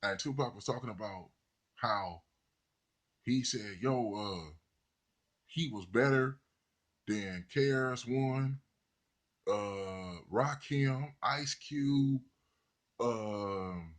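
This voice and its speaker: A man giving a casual, rambling, profane monologue, voice jumping high when he mimics other people. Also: drawn-out words, pauses often. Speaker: podcaster.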